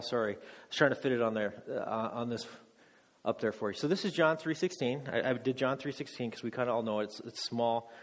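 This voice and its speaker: A man, a married father, preaching a teaching sermon to a congregation, quizzing them with questions and joking about himself. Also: medium pitch. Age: adult. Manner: joking, self-deprecating, quizzes the audience. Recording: long echo of a large hall.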